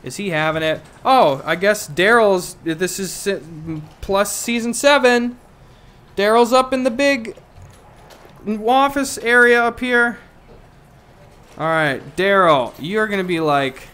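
A man's voice: high voice, takes it slowly, pushed and bright, clear, resonant tone. A man streaming a VR game, chatting casually in a goofy, joking way and laughing often. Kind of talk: casual chat while playing a VR game.

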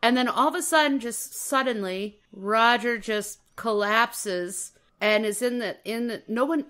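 Bright-voiced woman storyteller. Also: a little high, a little slow. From Minnesota, USA. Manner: animated storyteller, repeats phrases, puts on voices for quotes. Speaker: podcast co-host. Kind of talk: casual true-crime chat.

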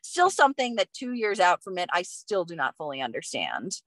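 A woman guest on a podcast, telling a story in a casual, animated way with plenty of swearing. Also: fairly low pitch, fairly quick, dry recording. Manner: animated and expressive, swears freely. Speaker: guest, professional runner.

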